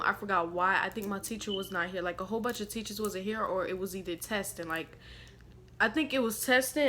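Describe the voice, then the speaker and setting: A woman's voice: mid-range voice, sharp tone. A woman casually telling a rambling, slangy story to her viewers, laughing along as she goes. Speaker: storytime vlogger.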